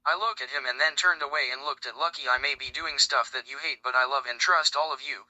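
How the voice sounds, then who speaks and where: A man reading a story aloud in a steady, even way, with one stumble where he restarts a line. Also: mid-range voice, fairly quick, no echo, highs cut off.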